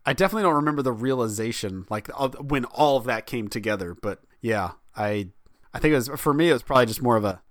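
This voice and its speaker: A man's voice: mid-range voice, fast talker, no room sound, clean studio sound. A father chatting casually on a podcast, telling family stories with frequent laughter. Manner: animated, laughing storyteller. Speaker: podcast co-host. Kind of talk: casual comedic chat.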